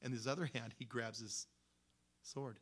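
A man's voice: medium pitch, steady tone, moderate pace, a bit bright, husky. A man preaching a sermon in a conversational, storytelling way, with frequent restarts. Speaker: pastor.

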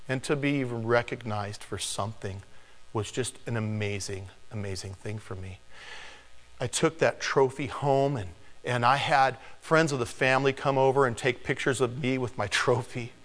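A man preaching a sermon, telling a personal story in an animated, chuckling way. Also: mid-range voice, moderate pace. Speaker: pastor. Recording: long hall reverb.

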